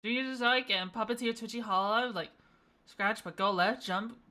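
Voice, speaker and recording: Woman streamer, bright voice, chatty and playful, laughs often. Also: fairly high pitch, moderate pace. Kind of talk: casual gaming stream chat.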